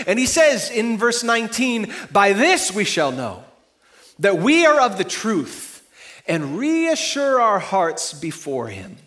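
A man preaching a sermon as a pastor, conversational and joking at times, swinging between loud emphatic stretches and soft hushed reassurance. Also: sits high, huge pitch swings, slow pace.

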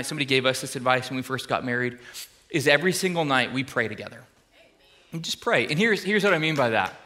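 A man's voice: fairly high pitch, pushed and bright. A young man preaching a sermon to his church in a casual, conversational way, full of fillers and asides. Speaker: pastor.

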